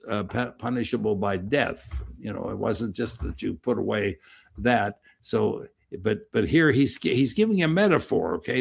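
A man giving a conversational Bible teaching, emphatic and animated, reading verses and breaking off into asides with many restarts. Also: medium pitch, vocal fry.

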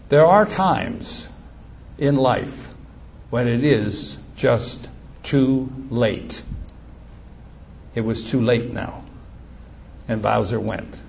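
Husky older man telling a story. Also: medium pitch. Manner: earnest, animated retelling with acted quotes. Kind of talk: personal storytelling.

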